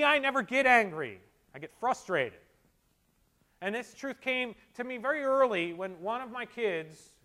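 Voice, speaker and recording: A middle-aged man preaching a sermon as a pastor, moving between quiet storytelling asides and forceful exhortations. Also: sits high.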